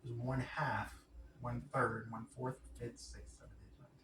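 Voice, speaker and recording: A man's voice: mid-range voice, level tone, a little slow, far from the mic. A man thinking aloud to himself, muttering and repeating words as he works something out. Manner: muttering and repeating, unsure, working out fractions aloud. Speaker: vlogger. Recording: echoey room, off-mic, noisy background.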